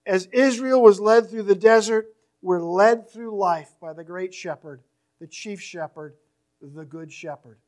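A man preaching a sermon in a church, reading scripture slowly and with emphasis, his voice trailing softly at the ends of phrases. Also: high-pitched. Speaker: pastor.

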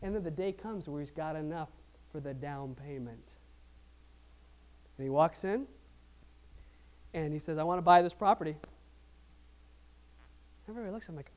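A male pastor preaching a sermon, telling a parable story in an animated way that swings from hushed to shouting. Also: on the high side, normal speed, long pauses.

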